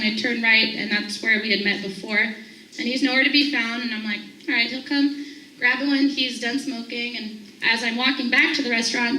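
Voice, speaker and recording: A young woman telling a group a personal story in a casual, animated way, acting out the voices of the people in it. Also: a little high, a little hiss or hum. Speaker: staff member sharing a morning thought. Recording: echoey room, voice from a distance.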